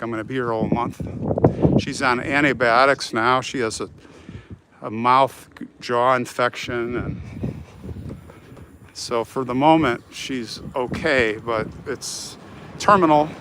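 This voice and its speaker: A middle-aged American man hosting a live stream, chatting casually and reading viewer comments aloud while he walks. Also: mid-range voice. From United States. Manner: chatty, friendly, rambling, talks straight to viewers. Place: outdoors on a city street while walking. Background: faint street and traffic noise.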